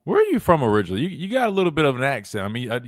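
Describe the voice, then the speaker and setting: A young male sports radio host chatting loosely on air, his pitch swinging widely as he rambles and doubles back on himself. The sound is close and dry, with no room around it. He talks at an ordinary middle pitch. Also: very fast, dry recording. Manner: rambling, animated, lots of restarts and "wait, hold on". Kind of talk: casual talk radio chat.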